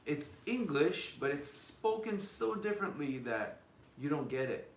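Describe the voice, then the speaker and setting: A man from Quebec whose first language is French, speaking English with a Quebec French accent and explaining things in a halting way with many fillers. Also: fairly high pitch, big pitch swings. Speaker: co-host of a live stream. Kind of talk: casual live-stream chat. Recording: echoey room with faint background noise.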